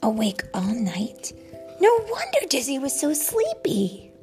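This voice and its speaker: A woman's voice: sits high, wildly swooping pitch, slow, a little mellow, faint music behind, pitched above the performer's own voice, exaggerated voice. A woman voicing a small, eager boy bunny in a bedtime storybook reading, chirpy and curious. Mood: wondering.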